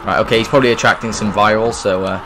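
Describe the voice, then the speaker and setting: A man gives chatty let's play commentary over his game, wandering between topics and breaking into sudden exclamations. His voice sits a little low. A faint hiss runs behind it. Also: fairly even intonation, very fast. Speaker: gaming YouTuber.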